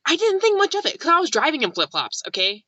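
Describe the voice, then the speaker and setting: Young woman rambling thru a story on her vlog, says like a lot, bright voice. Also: high-pitched, fast talker, no room sound, dull audio. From California. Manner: chatty, lots of "like", animated quoting. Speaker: vlogger.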